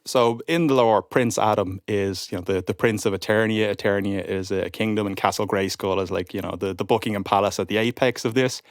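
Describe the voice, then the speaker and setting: A young man, a podcast guest, telling an animated anecdote in casual chat and acting out what others said. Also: lowish voice, fairly quick, few pauses, no echo, studio quality. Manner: animated, acts out quotes of others.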